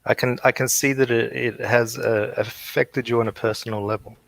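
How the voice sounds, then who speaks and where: A man hosting a livestream over a video call, talking in a relaxed, drawn-out way. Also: mid-range voice, vocal fry, no room sound. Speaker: livestream host. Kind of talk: casual livestream chat.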